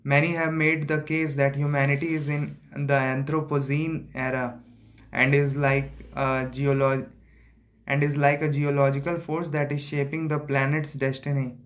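Young guy reading an editorial out loud, pretty monotone, slow, keeps fixing his words. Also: medium pitch. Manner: slow, deliberate reading with frequent self-corrections. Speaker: student practicing reading. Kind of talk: reading a newspaper editorial aloud.

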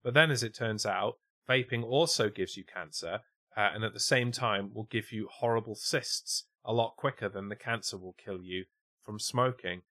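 A man co-hosting a podcast, chatting casually with dry, deadpan swearing. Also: lowish voice, normal speed, few pauses. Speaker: podcast co-host. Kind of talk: casual chat, reading news aloud.

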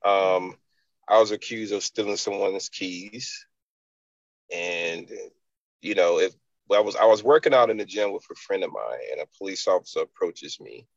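Low gravelly man telling a story. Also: normal speed, no echo, highs cut off. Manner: loose, rambling, many "you know" fillers. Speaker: health and fitness entrepreneur. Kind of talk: casual interview storytelling.

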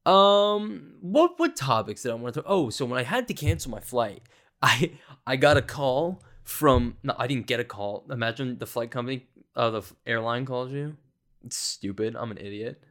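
A man's voice: medium pitch, expressive, moderate pace, fairly bright tone. Rambling sarcastic young man podcaster. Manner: sarcastic, self-deprecating, rambling storyteller. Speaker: podcast host. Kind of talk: casual solo podcast rambling.

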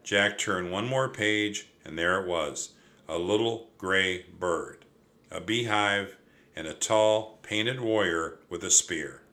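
A man narrating a children's chapter book in a clear, steady storytelling manner. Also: low voice, slow pace.

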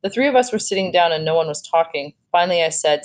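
Calm woman teacher reading aloud. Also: fairly low pitch, fast. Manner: calm, plain read-aloud with asides. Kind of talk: reading a novel aloud to a class.

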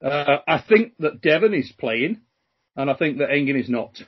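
A man hosting a podcast, joking and chatting in slangy, energetic banter. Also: on the high side, moderate pace, slightly rough, highs cut off. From Britain. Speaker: podcast host.

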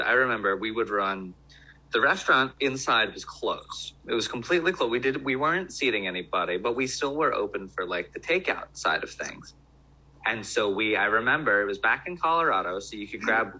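A man's voice: fairly low pitch, animated, brisk, pushed and bright, rough recording. A man who worked in restaurants, talking in loose casual chat with many restarts. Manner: rambling, lots of fillers and restarts.

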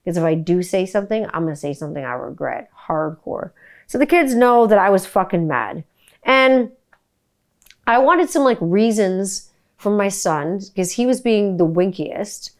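A woman's voice: mid-range voice, normal speed. Chatty, profane woman podcast host. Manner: animated, profane, rambling with many "like" fillers. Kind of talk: casual storytelling chat.

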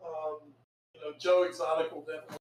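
A high-voiced man co-hosting a casual podcast, excitable and animated, given to loud shouted asides. He sounds like he's in an echoey room. A faint hiss of noise runs under his voice. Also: quick pace. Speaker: podcast co-host. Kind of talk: casual chat.

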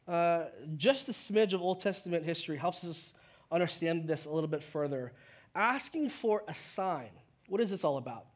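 A man preaching a sermon as pastor, conversational, acting out quick voices of the people in the story. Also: high-pitched.

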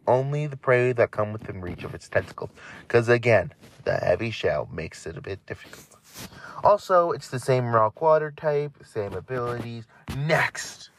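A man hosting a casual podcast, reading entries aloud with frequent stumbles, restarts and chatty asides. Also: mid-range voice. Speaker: podcast host.

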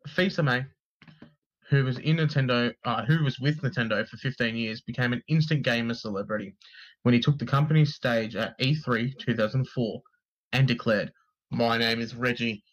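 A man's voice: mid-range voice, moderate pace, muffled recording. A man co-hosting a podcast, reading gaming news aloud in a casual, sweary, joking way and tripping over names. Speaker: podcast co-host.

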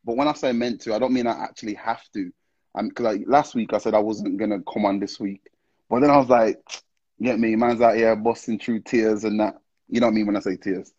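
A man's voice: lowish voice, mellow, husky, dry recording. Man hosting a live phone stream, slangy and chatty; dry, dull lo-fi sound. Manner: slangy, greets viewers one after another, laughs often. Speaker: livestream host. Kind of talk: casual live-stream chat.

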